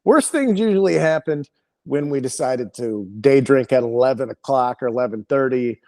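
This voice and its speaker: A male comedian, a podcast guest, telling an animated, rambling and profane story with lots of restarts. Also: medium pitch, moderate pace.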